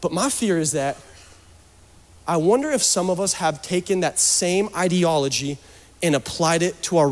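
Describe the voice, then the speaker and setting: Male pastor, high voice, jokey conversational sermon that builds to fervent urging, church hall reverb. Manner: joking, conversational preaching that rises to fervent urging.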